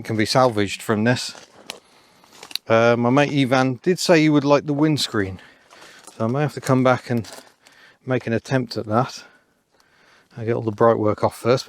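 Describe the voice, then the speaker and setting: A man, commenting casually with dry, self-deprecating asides while he picks through an old car in an overgrown rural yard. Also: medium pitch. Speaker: car vlogger.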